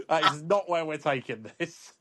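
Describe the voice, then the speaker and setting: A man's voice: on the high side, lively intonation, unhurried, heavy background noise. A man hosting a football podcast, laid-back and chuckling, with lots of ums. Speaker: podcast host. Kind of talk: casual chat.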